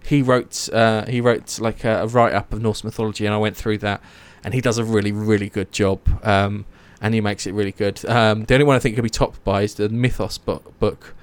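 Animated man telling myths. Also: lowish voice, fairly quick, hardly any pauses, clean tone. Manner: animated storytelling, swears, acts out quotes. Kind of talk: casual chat.

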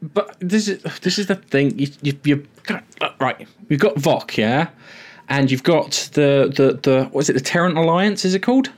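Man co-hosting a casual chat, slightly high voice, rambling recap with plenty of swearing. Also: moderate pace. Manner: rambling, swears freely, animated retelling.

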